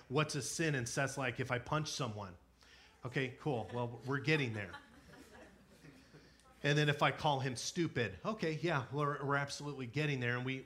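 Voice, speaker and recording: A man in his thirties preaching a sermon who moves from quiet storytelling to emphatic, near-shouted exhortation and has the congregation repeat words after him. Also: medium pitch. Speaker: pastor.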